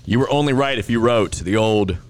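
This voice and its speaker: Fairly quick and lowish in pitch, a male host runs a pub quiz podcast. Every question gets announced and then said again, and he cracks jokes between rounds in an easygoing way.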